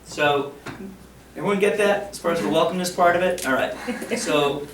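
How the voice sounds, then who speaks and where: A man's voice: on the high side, moderate pace, a bit bright, slight background noise. A man leading a workplace harassment training for a live room, joking and acting out example lines. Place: meeting room with audience. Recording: roomy, mic far from speaker.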